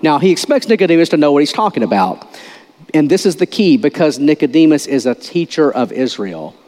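A man preaching a conversational sermon in a church, his voice sitting a touch high for a man. He talks loosely, restarting phrases and firing questions at the congregation. A long reverb from the hall trails behind his words. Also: sing-song, fairly quick, a little mellow. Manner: informal, repeats words, quizzes the audience. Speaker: pastor.

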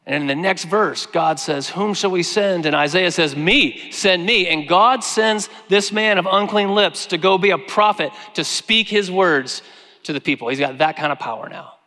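A man preaching a sermon, earnest, slowing down and growing quiet when he quotes scripture. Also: high-pitched. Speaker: pastor. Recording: long hall reverb.

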